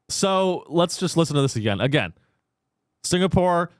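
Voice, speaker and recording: A man's voice: fairly high pitch, very animated, normal speed, dry recording, studio quality. A man hosting a comedy podcast, talking in casual, irreverent banter with a sarcastic, crude edge. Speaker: podcast host.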